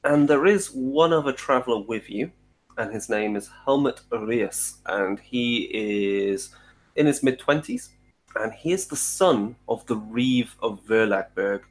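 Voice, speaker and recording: A man narrating as game master in a tabletop role-playing game, often pausing with fillers. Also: mid-range voice, lively intonation, low-quality recording. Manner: hesitant, many fillers and restarts.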